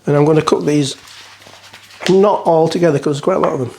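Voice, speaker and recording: A man's voice: fairly high pitch, fast, gravelly, a little mellow, slight background noise. A man rambling through a casual cooking vlog in his home kitchen, jokey and chatty as he cooks. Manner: rambling, jokey, talks to himself while cooking. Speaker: cooking vlogger.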